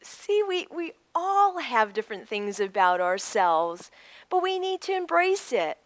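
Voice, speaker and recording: A woman's voice: sits high, a little slow, no room sound. A woman reading a picture book aloud to children, stopping to add lessons and asides. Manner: animated, with teaching asides. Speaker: children's story-time reader.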